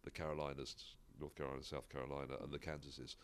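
Brit comedian guy, super deep low voice, chatty and jokey. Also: flat delivery, fast. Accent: British. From United Kingdom. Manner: chatty, self-deprecating, laughs often. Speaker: stand-up comedian, podcast guest. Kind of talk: casual podcast chat. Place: Michigan-based.

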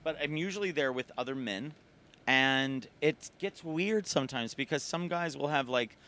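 A man's voice: mid-range voice, moderate pace, sharp tone. A man who tours as a comedian, telling road stories frankly in casual chat. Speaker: touring comedian.

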